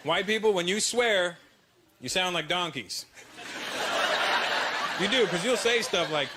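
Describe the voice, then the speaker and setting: Brash Canadian stand-up comic. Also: male voice, high voice, measured pace. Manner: brash, animated, mock-confidential. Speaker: stand-up comedian. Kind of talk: stand-up comedy routine. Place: stage before a live audience. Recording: loud noisy live stage recording.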